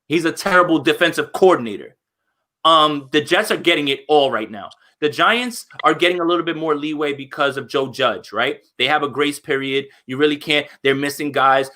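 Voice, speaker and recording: A man co-hosting a casual football chat, animated and opinionated, with frequent restarts. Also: on the high side, a little hiss or hum. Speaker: podcast co-host.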